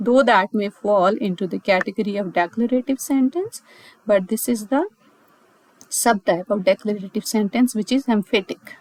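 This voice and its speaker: A woman's voice: medium pitch, moderate pace, darkish tone, dry recording, poor audio. A woman from Pakistan, teaching a grammar lesson and restating each point in several ways. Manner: repeats and rephrases points, with fillers.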